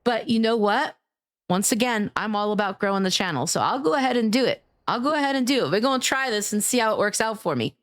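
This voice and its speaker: A woman game streamer in casual live-stream chat, animated and chatty, greeting and thanking viewers by name, swearing and laughing often. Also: fairly high pitch, fast talker.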